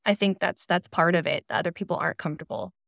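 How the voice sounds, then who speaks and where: A woman speaks as a podcast guest in a slightly low voice. She talks casually and thoughtfully, dropping "like" into her sentences again and again. The sound is dry and close. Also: expressive, fast, creaky, fairly bright tone, dry recording. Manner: reflective, frequent "like" fillers. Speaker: podcast guest, cancer survivor. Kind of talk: casual conversation.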